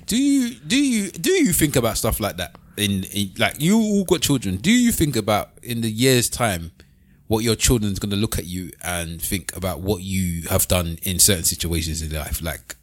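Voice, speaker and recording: Man, podcast co-host, lively animated pitch, asks questions, dry close mic. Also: normal speed, no room sound. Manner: questioning, searches for words. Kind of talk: casual podcast chat.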